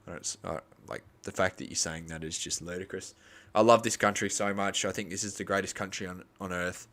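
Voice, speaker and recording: Young Australian bloke, low voice, rambling live-stream host who bickers with chat. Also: male voice, fairly even intonation, fairly quick, fairly bright tone. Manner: rambling, argues with chat, crude. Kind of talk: live cricket reaction stream.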